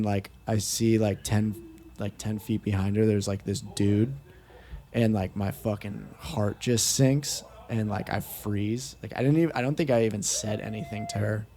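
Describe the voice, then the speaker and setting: A man's voice: on the low side, mellow. A young man talking candidly on a podcast, swearing often and filling his speech with "like". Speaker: podcast guest. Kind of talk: casual podcast chat.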